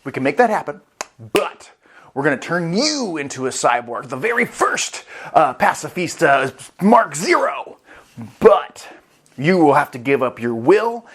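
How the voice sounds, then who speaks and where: A man's voice: mid-range voice, fairly bright tone, natural voice. A man voicing a bossy, scheming male government elder who talks bluntly and pushily.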